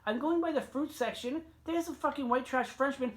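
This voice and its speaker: A middle-aged man vlogging a casual, rambling story, swearing often, with sudden jumps in pitch and loudness. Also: normal speed.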